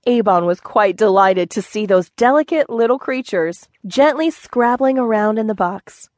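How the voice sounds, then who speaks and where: A woman narrating a children's book in a gentle, clear storytelling manner. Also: medium pitch, animated, moderate pace, few pauses, dry recording, studio quality. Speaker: audiobook narrator.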